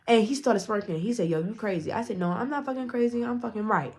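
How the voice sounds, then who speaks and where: A woman vlogger with a medium-pitched, slightly mellow voice talks fast as she tells a casual storytime. She's blunt and profane, acting out the dialogue as she goes.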